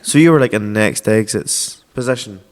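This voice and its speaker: A man's voice: on the low side, a little fast, long reverb tail. Man chipping in on a podcast. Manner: brief reactions and teasing asides. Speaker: podcast co-host. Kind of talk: casual chat.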